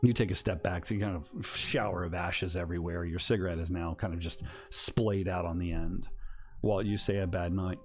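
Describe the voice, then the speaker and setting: A man narrating a tabletop horror game as game master, lively with quick asides. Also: low-pitched.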